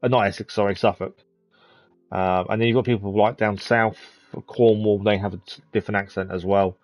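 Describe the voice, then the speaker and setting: A man's voice: lowish voice, steady tone, fairly quick, no room sound. A man from the East of England chatting casually as he plays a game on stream, thinking aloud with plenty of ums. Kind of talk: casual gameplay commentary.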